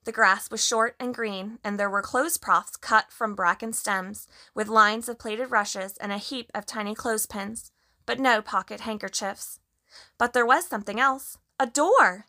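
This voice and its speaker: A woman narrating a children's storybook in a gentle, measured way. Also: medium pitch. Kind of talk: storybook reading.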